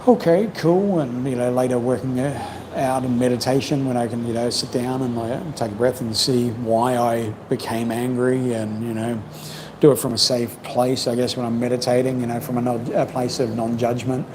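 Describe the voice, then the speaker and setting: A man hosting a casual livestream chat, rambling and reflective, full of "you know", his voice slightly croaky from long talking. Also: medium pitch, little pitch movement, normal speed, background noise. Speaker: livestream host. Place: home in Cambodia.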